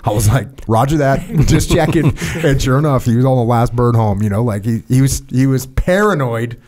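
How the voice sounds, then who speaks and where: A man hosting a podcast, trading stories with a laugh and reading historical passages aloud at a steady pace. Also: medium pitch, a little fast. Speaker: podcast host. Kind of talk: casual conversation and reading aloud from a book.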